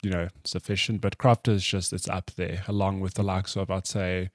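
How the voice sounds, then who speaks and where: A man's voice: deep voice, little pitch movement, normal speed, no room sound, clean studio sound. A man co-hosting a podcast, telling rambling anecdotes in casual chat and laughing often. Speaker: podcast co-host.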